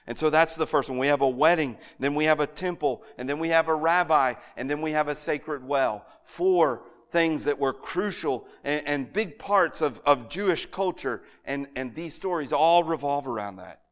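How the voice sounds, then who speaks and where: A man's voice: a little high, moderate pace, few pauses, fairly bright tone. A man teaching a lesson on scripture in an earnest, emphatic way, often restarting his words. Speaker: Bible teacher. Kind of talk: lecture on scripture.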